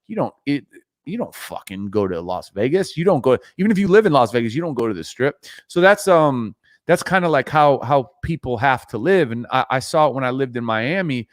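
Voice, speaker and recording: Halting, rambling male podcast co-host. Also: mid-range voice, lively intonation, no room sound, clean studio sound. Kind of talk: casual chat.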